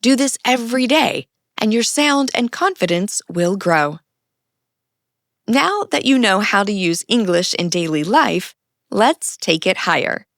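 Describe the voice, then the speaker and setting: A woman's voice: medium pitch, expressive, unhurried, fairly bright tone, no echo, clean studio sound. A woman narrating a scripted English lesson in plain, simple sentences, acting out short example dialogues. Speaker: English teacher.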